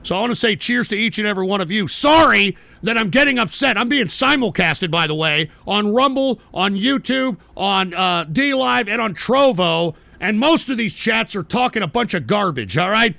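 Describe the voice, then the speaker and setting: A man hosting a live-streamed political talk show, cursing and ranting at chat trolls, jumping between shouts and low grumbles. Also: lively intonation, normal speed, vocal fry, hardly any pauses, no room sound.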